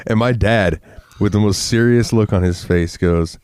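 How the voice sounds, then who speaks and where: A man's voice: lowish voice, normal speed, a little mellow, clean tone, dry recording, studio quality. A sick man from Florida, co-hosting a podcast in casual chat, rambling, swearing freely and getting worked up when he rants. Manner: profane, rambling, gets worked up ranting. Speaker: podcast co-host.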